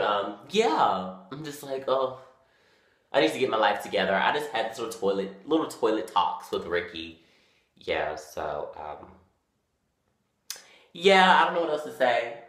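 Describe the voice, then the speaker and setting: A young man of nineteen vlogging casually, chatty and dramatic, full of fillers and sudden loud, excited storytelling. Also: low-pitched, breathy edge, dry recording. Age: young adult. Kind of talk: casual vlog talk to camera. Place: parked car. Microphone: phone camera.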